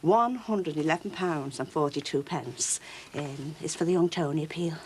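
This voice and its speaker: An actress playing a brisk, prim churchgoing woman in a soap opera. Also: sits low, a little hiss or hum, natural voice.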